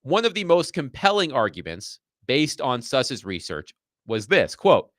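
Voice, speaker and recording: A man's voice: mid-range voice, wildly swooping pitch, a little slow, fairly bright tone, no room sound. A man hosting sports talk radio, his voice swinging up and down with lots of life. He sounds dry and close to the mic, and he talks like a self-described nerd who loves the numbers.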